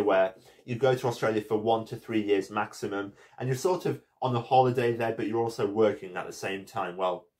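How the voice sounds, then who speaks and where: Male vlog host, brisk explainer delivery, slightly low voice, casual and opinionated. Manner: conversational, opinionated, frequent "you know" fillers. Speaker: channel host.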